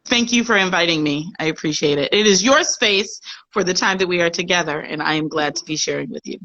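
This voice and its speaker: A woman hosting a casual live stream who talks warmly, laughs often and uses many fillers. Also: on the low side, fairly quick, dull audio. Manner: warm, laughing, chatty with fillers. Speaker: host of an online live show. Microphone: phone on a live video stream.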